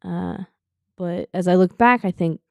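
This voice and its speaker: A woman's voice: lowish voice, a little slow, creaky, a little mellow, no room sound, dull audio. A young woman co-hosting a talk show, chatty and self-mocking. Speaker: radio show co-host. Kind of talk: casual chat.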